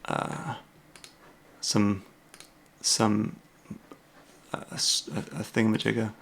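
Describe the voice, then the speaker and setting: A man's voice: fairly low pitch, takes it slowly, vocal fry, fairly bright tone, a little hiss or hum. A British man hosting a casual livestream, rambling through viewer questions with lots of fillers, restarts and self-deprecating asides from a room at home at night. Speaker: host.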